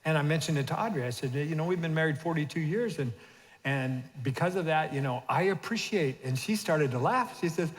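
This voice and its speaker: A man's voice: a little high, lively intonation, a little fast. A man in his sixties preaching a sermon and urging the congregation to repeat phrases after him. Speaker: pastor. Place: church sanctuary. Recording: long reverb of a church hall.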